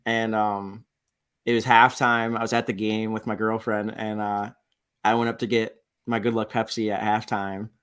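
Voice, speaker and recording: A man's voice: on the low side, level tone, moderate pace, a bit bright, clear, resonant tone. A man in his twenties, a podcast guest, chatting casually with lots of "like" fillers. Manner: laid-back, peppered with "like". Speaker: podcast guest, sports superfan. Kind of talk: casual interview chat.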